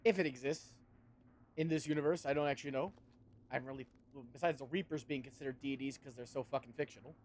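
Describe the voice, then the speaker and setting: A man's voice: mid-range voice, quick pace, darkish tone, slight background noise. A man streaming a video game, chatting in a rambling, sarcastic way and swearing often. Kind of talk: casual game commentary.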